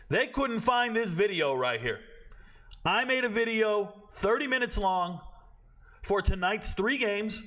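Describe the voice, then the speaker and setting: A man's voice: sits high, fairly bright tone. A man hosting a sports betting vlog, ranting in a brash, boastful, scolding way. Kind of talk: betting picks vlog rant.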